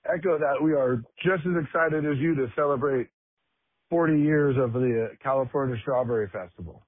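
Husky man, friendly radio guest. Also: mid-range voice, normal speed, no room sound. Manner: friendly, hesitant with many uhs. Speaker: festival chair, guest. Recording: dry phone-like radio sound.

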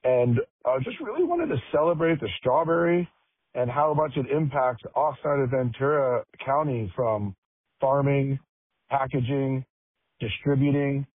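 Friendly man guest, husky voice, hesitant, thin dry radio line. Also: medium pitch, lively intonation, a little slow, no room sound. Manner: friendly, hesitant with many uhs. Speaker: festival chair, guest. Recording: dry phone-like radio sound.

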